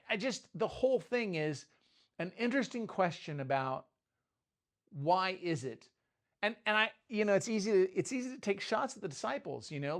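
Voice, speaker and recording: Chatty, joking male preacher. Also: fairly high pitch. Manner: conversational, self-interrupting, joking asides. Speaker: pastor. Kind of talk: informal sermon.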